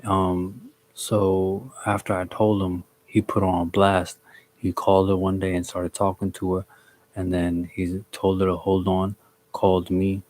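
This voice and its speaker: A young man from the DC, Maryland and Virginia area chats on a live stream, telling a long story in a relaxed, slangy way. His voice sits low and stays fairly flat. He breaks off now and then to greet viewers by name. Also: a little slow. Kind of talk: casual storytelling on a livestream.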